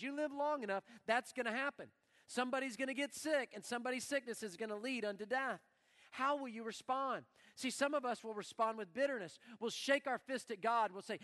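Dramatic male preacher, high-pitched, church sanctuary reverb. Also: a little fast. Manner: dramatic preaching, acts out quoted voices, swings from loud to hushed. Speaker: pastor. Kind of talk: sermon.

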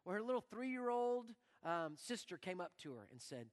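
A man preaching a sermon as pastor in a church, animated and acting out the prayers he quotes. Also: high-pitched, normal speed. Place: church sanctuary. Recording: long reverb of a church hall.

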